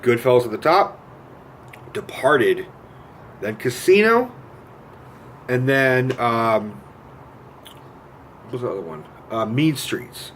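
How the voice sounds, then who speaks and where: A man in the middle of a casual film rant, his voice at an ordinary pitch. He swears a lot and acts out scenes as he retells them, getting more animated as he goes. A faint hiss of noise sits under his voice. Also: takes it slowly, pauses often. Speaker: movie reviewer.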